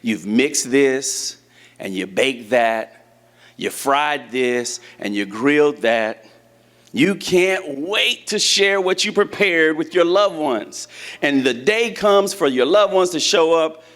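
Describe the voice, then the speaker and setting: A man's voice: medium pitch, lively intonation, slow, a bit bright. A man preaching a sermon in a church, talking conversationally and asking the congregation questions. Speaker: church teacher.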